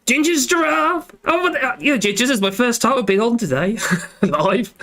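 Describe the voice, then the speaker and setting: Lively, rambling man chatting on a live stream. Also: very high-pitched, moderate pace. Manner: chatty and rambling, tags lines with "that I do". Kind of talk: casual live stream chat.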